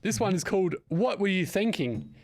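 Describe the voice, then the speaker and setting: A man's voice: high-pitched, animated, moderate pace, a little mellow, no room sound. A man with an Australian accent hosting a podcast interview, upbeat, laughing along and announcing segments. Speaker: podcast host. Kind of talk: casual interview.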